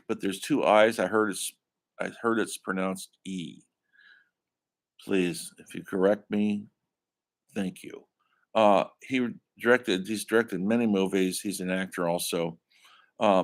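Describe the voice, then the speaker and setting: A man teaching a film studies class in a rambling, enthusiastic way, with many fillers and restarts. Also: fairly low pitch. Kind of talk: casual classroom lecture.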